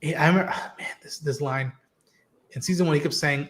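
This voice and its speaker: Excited guy on a podcast, slightly high voice, cusses a lot, acts out lines. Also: a little fast. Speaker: podcast co-host. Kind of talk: casual chat. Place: home studio.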